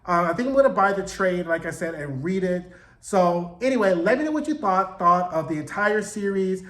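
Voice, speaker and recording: A man giving a casual, animated recap of a show, jumping into quick voices for the characters and swearing freely. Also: high voice, echoey room, low-quality recording. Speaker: show reviewer.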